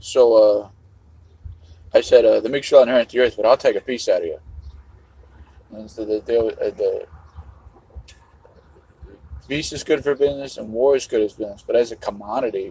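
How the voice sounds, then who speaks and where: Husky-voiced middle-aged man rambling. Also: fairly low pitch, dark tone, low-quality recording. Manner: rambling, musing, half-joking. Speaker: vlogger. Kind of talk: casual livestream monologue.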